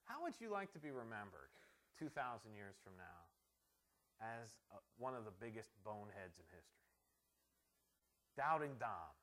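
A middle-aged male pastor preaching a conversational sermon, asking rhetorical questions and swinging between loud emphasis and quiet asides. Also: on the low side, animated, normal speed.

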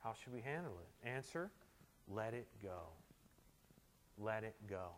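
A middle-aged man preaching a sermon as a pastor, moving between quiet storytelling asides and forceful exhortations. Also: fairly low pitch, animated, unhurried, slight background noise.

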